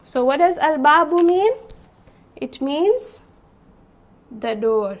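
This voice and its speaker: A woman's voice: sits high, sing-song, slow pace. A woman teaching a beginner's language lesson, explaining patiently, repeating herself and checking understanding with "okay?". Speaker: Arabic teacher. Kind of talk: slow classroom explanation.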